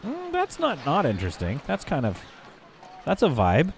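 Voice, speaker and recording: A man's voice: on the high side, wildly swooping pitch, gravelly, slight background noise. A man live-streaming a game, rambling and joking with his viewers and stumbling through bits of French. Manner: halting, self-correcting stabs at French. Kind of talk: casual live-stream chat while playing.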